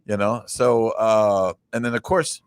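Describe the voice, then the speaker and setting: A man's voice: lowish voice, fairly even intonation, unhurried, smooth, no echo. A man hosting a casual chat and telling stories in a rambling way, with many restarts. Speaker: podcast host.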